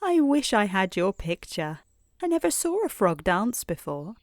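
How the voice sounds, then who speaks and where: A woman voicing a tearful little girl in a bedtime story, speaking in a high, plaintive voice. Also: very animated, measured pace, no echo, clean studio sound. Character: tearful little girl who cries constantly.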